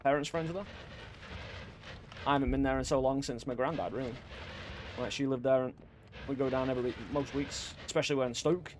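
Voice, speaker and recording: A man's voice: mid-range voice, steady tone, fairly quick, long pauses, slight background noise. Rambling English man streaming a game. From England. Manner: rambling, self-deprecating, jokey. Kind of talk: casual gameplay chat.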